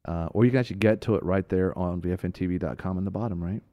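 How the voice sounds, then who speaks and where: Low-voiced male co-host, casual Bible teaching, animated and quick to laugh. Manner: animated storyteller, laughs often.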